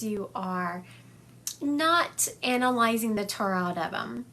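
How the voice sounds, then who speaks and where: A woman's voice: medium pitch, moderate pace, fairly bright tone, a little hiss or hum. A woman psychic medium giving a chatty livestream reading, relaying and acting out spirit messages for her viewers. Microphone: phone livestream.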